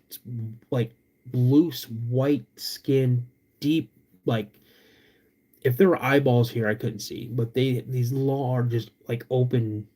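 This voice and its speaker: A young man with a drawl tells a story on his podcast. He stretches out the tense moments, then jumps into sudden loud bursts as he relives what he saw. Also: medium pitch. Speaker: podcast host.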